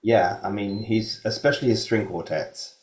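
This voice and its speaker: A string quartet performer answering a question in a panel discussion, measured and hesitant. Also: male voice, fairly low pitch. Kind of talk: academic discussion. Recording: echoey room.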